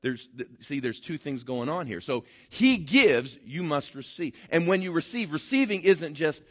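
A man preaching a sermon, animated, swinging between loud emphatic bursts and quiet, drawn-out words. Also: on the high side. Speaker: pastor.

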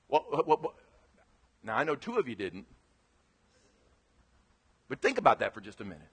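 A man preaching as pastor in a sermon, animated, swinging from quiet asides to loud emphatic bursts. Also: on the high side, normal speed, pauses often, slightly rough, long reverb tail.

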